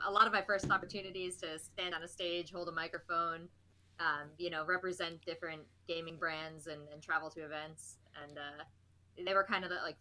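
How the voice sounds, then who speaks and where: A woman's voice: low-pitched, pushed and bright. A woman in her thirties from New Jersey, chatting easily as an interview guest and laughing often. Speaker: guest, esports host. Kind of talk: casual interview chat.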